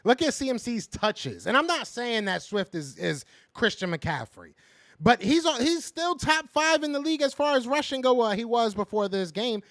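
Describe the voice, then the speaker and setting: A man's voice: extremely high pitch, big pitch swings, moderate pace, fairly bright tone, dry recording, studio quality. A man hosting a casual fan podcast, ranting in frustration, repeating himself and answering viewers' chat. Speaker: podcast host reading live chat.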